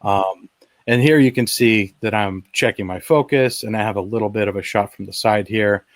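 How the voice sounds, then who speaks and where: A man with a fairly low voice talks through his own demo video during a webinar. He explains eagerly and casually, with plenty of "uh" and restarts. The sound is dry and close, with no room echo. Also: moderate pace. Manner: enthusiastic, explanatory, frequent fillers and restarts. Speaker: webinar presenter. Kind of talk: casual live demo commentary. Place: at home.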